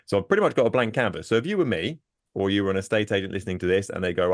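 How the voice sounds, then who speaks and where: A man's voice: fairly low pitch, animated, very fast, dry recording, studio quality. A man hosting an interview, asking rambling, self-deprecating questions and laughing easily. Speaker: podcast host. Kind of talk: casual interview chat.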